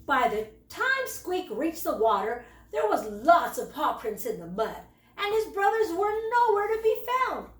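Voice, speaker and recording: A woman teacher reading a children's storybook aloud in an expressive, slow storytelling manner. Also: high-pitched, distant mic. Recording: roomy, away from the mic.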